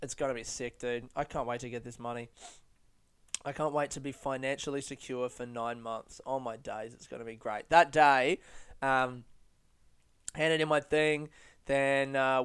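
Alone on his laid-back podcast, a young guy wanders from topic to topic, cursing freely and mocking himself. He speaks in a clean-toned, mid-range voice.

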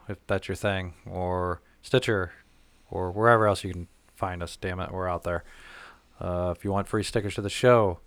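A man's voice: lowish voice, fairly bright tone, clear, resonant tone, no room sound. A man hosting a podcast in casual chat, laid-back and swearing freely. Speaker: podcast host.

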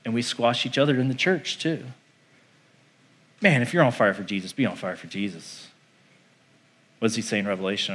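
A male pastor preaching a sermon in an animated, conversational way, acting out the voices he quotes. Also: mid-range voice, a little fast, long pauses.

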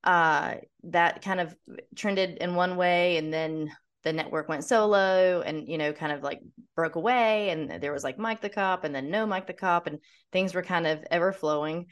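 An eager woman guest tells her story in a casual podcast chat, full of ums and restarts. Her voice sits a little on the low side. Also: moderate pace, clean tone. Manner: eager and talkative, with fillers and restarts. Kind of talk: casual interview answer.

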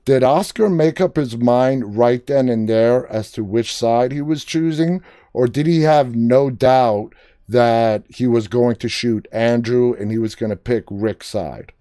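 Mellow-voiced male interviewer. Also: medium pitch, unhurried, dry recording, clean studio sound. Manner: conversational, long winding questions, short reactions. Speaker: interviewer, host. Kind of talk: casual interview.

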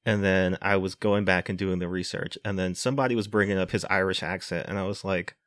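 A man's voice: low voice, fairly even intonation, a little fast, a bit bright, no echo, studio quality. A man hosting a casual podcast chat, laughing often as he asks his guests questions. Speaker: podcast host.

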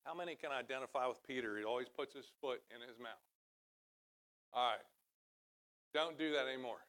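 A middle-aged man preaching a sermon from a church stage, talking conversationally and then building to loud, emphatic passages. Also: medium pitch, brisk. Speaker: pastor.

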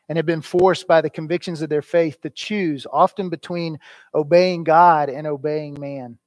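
A man's voice: fairly high pitch, no echo. Man preaching an earnest sermon. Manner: earnest preaching, wide swings between loud emphasis and hushed lines. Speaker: pastor.

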